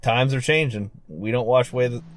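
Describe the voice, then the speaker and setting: A man's voice: mid-range voice, moderate pace, a little hiss or hum. A man co-hosting a casual wrestling podcast, laid-back, often chuckling, running through numbers. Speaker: podcast co-host.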